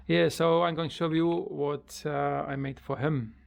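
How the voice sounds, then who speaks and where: A parrot owner at home, talking casually with many fillers and restarts in non-native English grammar, and cooing high at the bird. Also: fairly even intonation, measured pace, vocal fry, muffled recording. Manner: coos in a high sing-song voice when talking to the bird. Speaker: parrot owner showing a homemade bird playground. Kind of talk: casual home video chat.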